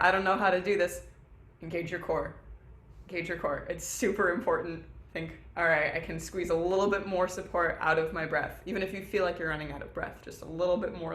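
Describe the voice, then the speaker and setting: A young woman voice teacher giving an online singing lesson, explaining technique in an upbeat way and singing short warm-up demos. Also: lowish voice, reverberant. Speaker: voice instructor.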